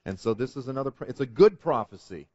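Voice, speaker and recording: A man's voice: mid-range voice, expressive, fast talker, a little mellow, no room sound, dull audio. A man telling a testimony story as a guest on a Christian talk show, earnest and building to emphatic preaching. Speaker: guest speaker.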